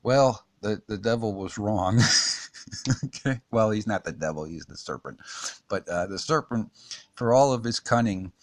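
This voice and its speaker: A man giving a casual Bible lesson while drawing, talking haltingly with many restarts and fillers and chuckling often. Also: fairly low pitch, no room sound. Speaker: teacher.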